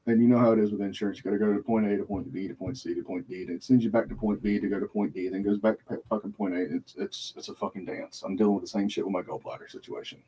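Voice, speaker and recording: Husky man telling a profane story. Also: on the low side, steady tone, very fast, few pauses, warm tone. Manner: profane, heated, swears constantly. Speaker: podcast host. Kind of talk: casual storytelling.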